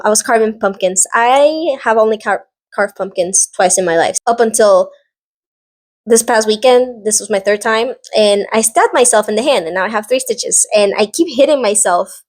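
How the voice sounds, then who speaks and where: A woman vlogger casually recapping a drama series, animated and rambling, filling her talk with "like" and side notes. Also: fairly high pitch. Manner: animated, rambling, heavy use of "like".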